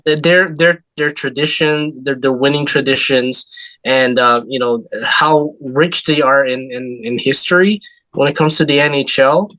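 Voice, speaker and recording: A man's voice: mid-range voice, unhurried, bright, forceful tone, dry recording. A man co-hosting a sports talk show, talking hesitantly and restarting and repeating his words.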